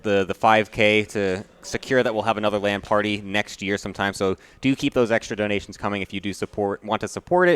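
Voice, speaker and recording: A man's voice: fairly low pitch, clear, resonant tone. A man casting a live esports stream at a LAN event, chatting casually and thanking donors. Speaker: esports caster.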